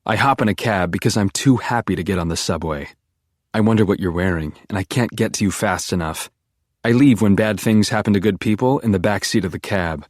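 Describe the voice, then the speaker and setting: Deep-voiced man narrating an audiobook. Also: a little fast, no echo, clean studio sound. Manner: intense, obsessive inner monologue. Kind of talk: first-person audiobook narration.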